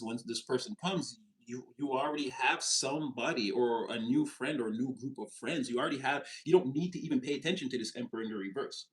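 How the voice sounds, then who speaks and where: Guy doing a rambly tarot reading, gets worked up, swears and laughs a lot, medium pitched voice. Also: poor audio. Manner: heated, animated, swears and laughs. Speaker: tarot reader.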